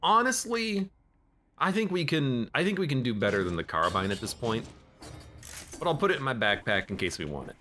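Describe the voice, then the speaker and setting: A man's voice: mid-range voice, very animated, brisk, a bit bright. A man streaming a game, talking casually and joking to himself and the viewers as he plays. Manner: chatty, jokes at the game and at himself. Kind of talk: casual gameplay commentary. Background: game music.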